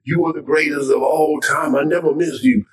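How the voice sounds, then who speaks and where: A man voicing an elderly man who speaks earnestly and haltingly. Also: fairly high pitch, recorded from a distance, a little hiss or hum, pitched above the performer's own voice, lightly acted. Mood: adoring. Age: older.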